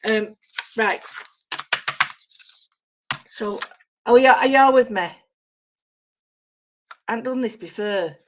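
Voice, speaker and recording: A middle-aged woman demonstrating a craft on a live stream, chatting and mocking herself as she works, her voice going hoarse. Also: a little high, slow, pauses often, background noise. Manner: chatty, self-mocking, talks to herself while working.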